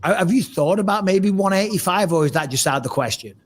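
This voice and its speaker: A man's voice: sits high, lively intonation, fast. A man with an English accent hosting a casual fight podcast interview, joking and teasing his guest. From United Kingdom. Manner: jokey, teasing, laughs often. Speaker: podcast host.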